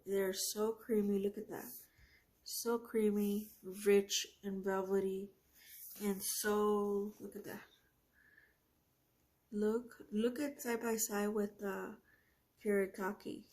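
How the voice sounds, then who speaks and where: A woman talks slowly and unhurriedly as she swatches paints at her art desk. She gushes over each color and often breaks off mid-sentence. Her tone is casual and chatty, like a host talking straight to her viewers. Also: mid-range voice, flat delivery, darkish tone. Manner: gushing, effusive, often trails off mid-sentence. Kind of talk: casual product review while swatching.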